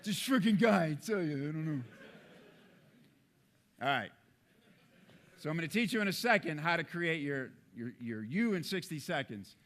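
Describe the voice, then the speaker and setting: A middle-aged man giving a comedic keynote talk to an audience, jokey and animated, with many fillers. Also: fairly high pitch, normal speed, long pauses. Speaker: speaker.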